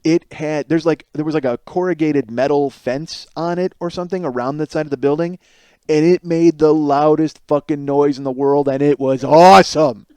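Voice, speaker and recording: A man's voice: fairly high pitch, fairly even intonation, moderate pace, darkish tone, clear, resonant tone, dry recording. Profane, rambling comedian man, dry close mic. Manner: profane, rambling storytelling with laughs. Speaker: podcast host. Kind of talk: solo comedic monologue.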